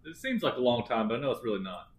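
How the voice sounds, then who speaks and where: A man's voice: medium pitch, sing-song, rapid-fire, rough recording. A man co-hosting a casual true-crime podcast, joking and cursing as he talks. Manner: joking, crude, laughing often. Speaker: podcast co-host.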